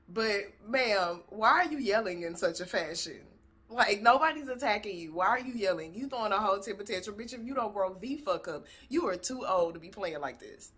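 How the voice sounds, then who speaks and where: A woman's voice: fairly high pitch, bright, forceful tone, slightly rough. A woman hosting a reaction video, talking in a blunt, profane and exasperated way as she comments. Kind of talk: casual commentary.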